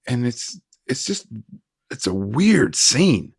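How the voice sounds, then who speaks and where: A man in his thirties co-hosting a casual film review chat, recapping scenes with quick asides and frequent laughs. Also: mid-range voice, very animated, creaky, husky, dry recording, clean studio sound. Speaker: podcast co-host.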